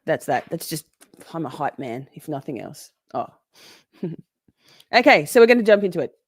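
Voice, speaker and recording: A woman's voice: deep voice, sing-song, normal speed, slightly rough, dry recording, studio quality. Chatty woman hosting a livestream. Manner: chatty, swears and laughs a lot, reads out chat comments. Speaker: livestream host. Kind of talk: casual livestream chat.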